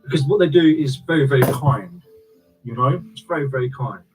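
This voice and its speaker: A man's voice: medium pitch, brisk, faint music behind, low-quality recording. Chatty man streaming live. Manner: casual and chatty, repeats phrases, thanks viewers. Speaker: online reseller and streamer.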